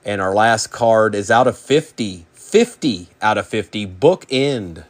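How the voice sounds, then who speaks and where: A man hosting a live sports card break, chatting casually and running quickly through player names. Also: on the low side, animated.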